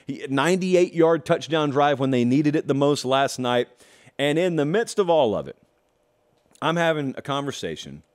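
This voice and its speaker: Animated man hosting a football show. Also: mid-range voice. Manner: emphatic, rhetorical questions, sarcastic asides. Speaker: college football show host. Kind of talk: opinion monologue.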